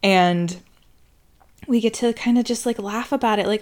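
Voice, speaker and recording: A woman's voice: medium pitch, normal speed, a little mellow. A woman hosting a podcast, speaking in a heartfelt, open and emotional way about relationships. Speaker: podcast host. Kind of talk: candid relationship podcast talk.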